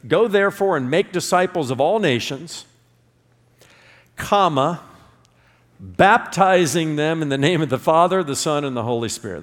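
Emphatic preacher man, lively pitch. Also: long reverb tail. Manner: emphatic, leads the congregation in call-and-response. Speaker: pastor. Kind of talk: sermon. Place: church sanctuary.

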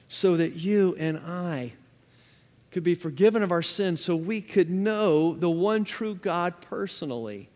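A man's voice: high-pitched, darkish tone, long reverb tail. A man preaching a sermon as a pastor, emphatic, with repeated refrains and scripture read aloud.

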